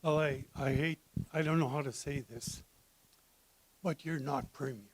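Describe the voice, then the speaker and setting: A man's voice: fairly high pitch, steady tone, unhurried, husky, dry recording, low-quality recording. A man in the audience objecting bluntly to a panel speaker, starting hesitantly. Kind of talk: live panel exchange.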